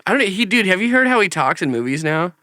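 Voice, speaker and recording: A man's voice: sits high, big pitch swings, quick pace, bright, forceful tone, dry recording, studio quality. A young man co-hosting a casual podcast, joking around and slipping into mocking impressions. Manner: joking, does mocking impressions, laughs often. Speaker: podcast co-host. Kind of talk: casual chat.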